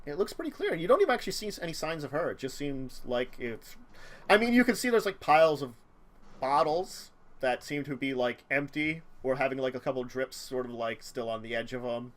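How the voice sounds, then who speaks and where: A man's voice: mid-range voice, big pitch swings, a little fast. A man narrating as game master, describing scenes with many fillers and hesitations.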